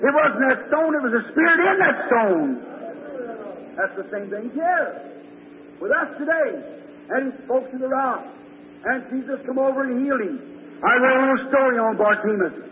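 A man's voice: extremely high pitch, normal speed, slight background noise. A man preaching a fervent revival sermon, telling Bible stories and asking the congregation questions. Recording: tinny old phone-like recording in a hall.

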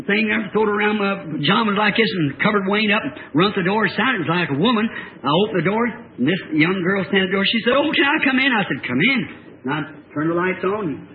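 A man's voice: high voice, slight background noise. Man preacher on a tinny old tape. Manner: folksy storytelling, acts out voices, rises to shouts. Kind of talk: storytelling sermon.

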